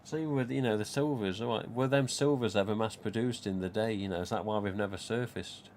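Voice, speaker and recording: A man chats loosely on a live stream, wandering from point to point and reading viewers' messages aloud. His voice sits a little low. A faint hiss of room noise runs under the recording. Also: a little fast, a little mellow. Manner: chatty, rambling, reads viewer comments aloud. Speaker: live stream host, mask collector. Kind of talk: casual live stream chat.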